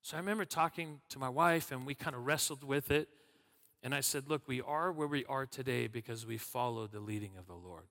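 A man preaching a sermon, telling stories in a lively way and acting out what people said. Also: medium pitch, fairly quick. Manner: animated storytelling with acted-out quotes. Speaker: pastor. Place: church sanctuary. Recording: long reverb of a church hall.

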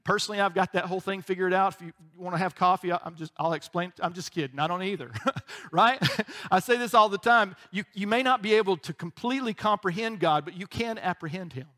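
High-voiced man preaching a casual sermon. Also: a little fast, sharp tone. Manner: conversational, joking, acts out voices, frequent "right?". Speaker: pastor.

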